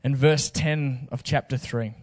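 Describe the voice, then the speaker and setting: A man preaching a sermon. He talks casually and jokes with slang asides, in a voice of ordinary pitch for a man. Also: steady tone, a little slow, big-room sound. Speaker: pastor.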